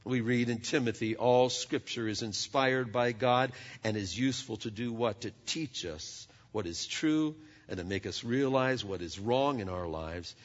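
A man preaching a sermon in a conversational way, often stumbling and repeating words, with lively asides. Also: medium pitch, measured pace, hardly any pauses. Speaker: pastor. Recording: dull sound with long hall reverb.

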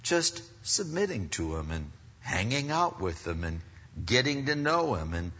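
A man preaching a sermon as pastor, animated, going from loud emphasis to soft asides. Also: on the low side, measured pace, breathy edge. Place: church hall. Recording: dull sound, long hall reverb.

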